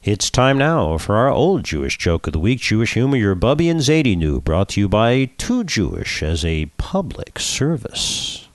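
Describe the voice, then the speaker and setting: A man's voice: on the low side, big pitch swings, moderate pace, hardly any pauses, a little hiss or hum. A man hosting a radio talk show, chatting with a guest and reading jokes and a Torah reflection.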